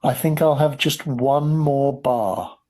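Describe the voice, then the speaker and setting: A man's voice: medium pitch, slow pace, pitched above the performer's own voice, lightly acted. A man voicing a poor, hungry young boy in an audiobook for learners, speaking in a raised, eager voice. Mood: excited. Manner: raised, eager excited delivery.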